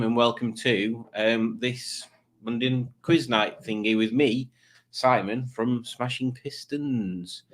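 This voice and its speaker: A man's voice: mid-range voice, a bit bright. A man hosting a casual live quiz stream, rambling along with jokey, self-mocking asides. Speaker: quiz show host.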